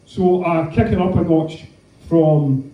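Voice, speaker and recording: A man's voice: fairly high pitch, takes it slowly, highs cut off. A man in his thirties with a Scottish accent, doing a wry, self-mocking stand-up set with plenty of swearing. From Scotland. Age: 30s. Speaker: stand-up comedian. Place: comedy club stage with audience. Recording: echoey room, mic from a distance.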